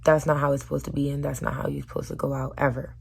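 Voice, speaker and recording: A young woman talking earnestly to her viewers in a personal vlog, her voice hoarse from screaming, moving between loud urging and soft near-whispers. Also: a bass voice, level tone, fast talker. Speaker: vlogger.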